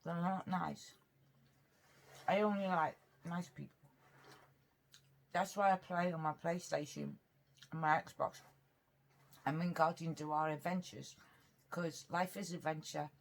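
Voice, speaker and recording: Rambling woman with a low voice. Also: steady tone, measured pace, gravelly, long pauses. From Britain. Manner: rambling, chatty, earnest; eating while talking. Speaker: mukbang vlogger. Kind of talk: casual eating chat.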